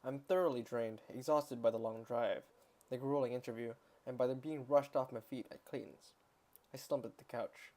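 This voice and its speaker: A man's voice: medium pitch, steady tone, normal speed, darkish tone. A man reading a novel aloud at home as a mock audiobook, stumbling over words and breaking off into sarcastic, exasperated asides. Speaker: reader of a parody audiobook.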